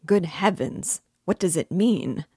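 A woman's voice: deep voice, measured pace, a little mellow, no room sound, clean studio sound. A woman doing a fussy, needling magistrate. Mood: alarmed. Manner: chatty, mock-solicitous, needling. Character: fussy ironical middle-aged male magistrate.

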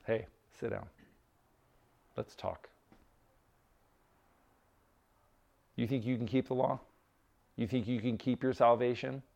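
A man voicing a calm, confident older wise man who speaks low, quiet and reassuring. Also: normal speed, creaky, dull audio, close to an everyday voice.

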